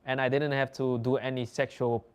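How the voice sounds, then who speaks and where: A man's voice: mid-range voice, level tone, normal speed, clean tone. A man whose first language is Dutch, hosting a livestream and telling casual stories in English. He laughs often and acts out other people's lines. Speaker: livestream host. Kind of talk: casual storytelling.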